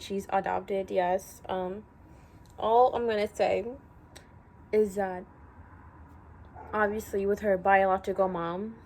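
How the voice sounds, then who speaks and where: A young woman talking to camera in a personal vlog, halting and full of fillers, close to tears. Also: medium pitch, vocal fry. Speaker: vlogger. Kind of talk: emotional personal vlog talk. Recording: faint background noise.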